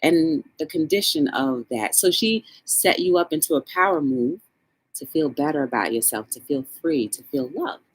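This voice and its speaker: Her voice sits low and husky, moving at normal speed, as she runs a livestream talk show. Animated and casual, she greets her chat viewers and cheers them on.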